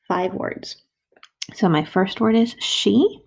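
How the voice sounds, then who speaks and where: Patient female primary teacher for a recorded writing lesson at home; warm low-key delivery with some vocal fry. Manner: slow, patient, sounding out words. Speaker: first grade teacher. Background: dog barking.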